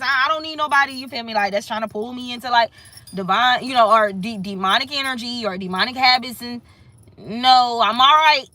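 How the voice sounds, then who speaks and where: A high, bright woman giving a casual tarot reading. She talks sassy and emphatic, swears freely and hammers her points home by repeating them. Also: a little fast. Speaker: tarot reader.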